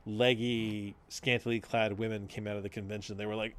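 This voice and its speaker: A man's voice: fairly low pitch, flat delivery, fairly quick. A man co-hosting a podcast in casual chat, telling a rambling story with frequent laughs and casual swearing. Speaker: podcast co-host.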